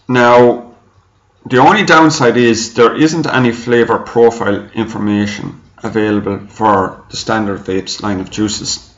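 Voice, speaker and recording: A man's voice: fairly low pitch, steady tone, measured pace. A man giving a casual, rambling product review, chatting and correcting himself as he goes. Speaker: e-juice reviewer. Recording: echoey room, dull lo-fi sound.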